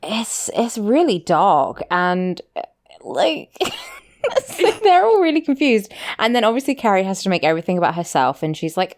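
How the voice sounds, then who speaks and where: A woman co-hosts a podcast and recaps a show in casual talk, leaning on "like" as she goes. Her pitch moves around a lot, and her tone stays playful. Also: wildly swooping pitch, moderate pace. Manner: chatty, uses "like" a lot, playful. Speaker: podcast co-host.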